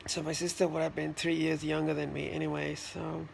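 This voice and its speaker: Delivering everything completely flat, a man with a high, heavily fried voice shares a personal memory on his casual vlog. He halts, restarts and fills gaps with fillers, looping back on himself, over a faint hum of room noise.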